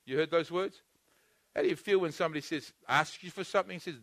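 A man preaching an impassioned sermon, surging loud at times and calling the congregation to repeat after him. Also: on the high side, fast talker, dry recording.

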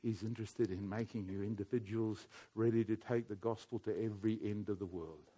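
A man preaching a sermon, swinging between quiet intimate passages and loud emphatic urging, often repeating his points. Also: lowish voice, fairly even intonation, fairly quick, slightly rough. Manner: wide swings from hushed to loud, emphatic repetition.

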